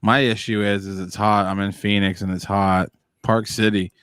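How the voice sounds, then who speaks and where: A man's voice: lowish voice, little pitch movement, normal speed, a bit bright, clear, resonant tone, no echo. A man co-hosting a podcast from his home studio, laid-back and joking in casual chat. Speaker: podcast co-host. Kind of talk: casual live-stream chat.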